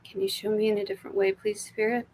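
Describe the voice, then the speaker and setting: A woman's voice: medium pitch, level tone, fast talker, slight background noise. Chatty American woman giving psychic readings. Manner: chatty, warm-hearted, laughs often, swears freely; drops to murmurs and whispers when asking spirit. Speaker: intuitive reader. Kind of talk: live-streamed psychic card reading.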